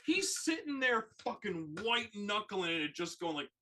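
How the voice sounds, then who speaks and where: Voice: medium pitch, very animated, unhurried, pushed and bright, poor audio. A speaker in casual podcast chat, telling a story animatedly and using lots of "like" fillers.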